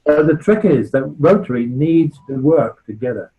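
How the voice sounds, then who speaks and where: On phone-quality sound, a man with a fairly high, expressive voice speaks at a moderate pace. In his sixties and West Country-accented, he founded a charity and is giving a club a chatty, anecdotal informal talk, punctuated by "right?".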